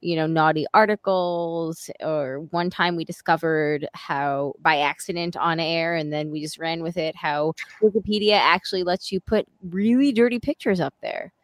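A woman with a fairly low voice trades jokes as a podcast guest, poking fun at herself. She is recorded close and dry, with no room sound. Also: moderate pace, few pauses, no echo. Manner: joking, self-deprecating. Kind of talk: casual podcast chat.

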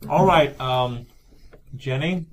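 A man's voice: mid-range voice, slow pace, slight background noise. A man leading friends through a board game, explaining the rules and announcing each room found. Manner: lively, guides others through the rules. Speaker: game guide. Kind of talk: casual tabletop game play.

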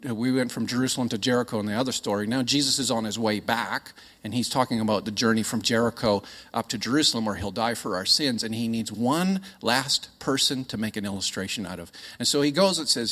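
A middle-aged Canadian man preaching a sermon in a chatty, joking, animated storytelling way. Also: mid-range voice, fast talker, hardly any pauses. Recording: echoey hall.

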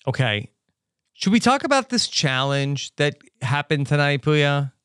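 A man hosting a podcast, chatting casually with wry, low-key remarks about a reality show. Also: very animated, a little slow, a bit bright, smooth, no echo, clean studio sound. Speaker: podcast host. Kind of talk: casual recap chat.

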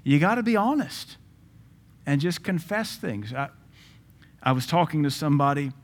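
A middle-aged man, a pastor preaching a sermon in a lively way, acting out quoted voices and adding joking asides. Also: a little high, normal speed. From Southern US.

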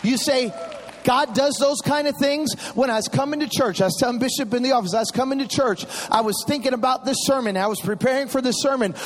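A middle-aged man preaching a sermon in a church, impassioned and rising into sung shouts at the peaks. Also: very high-pitched. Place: church sanctuary. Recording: long reverb of a large church hall.

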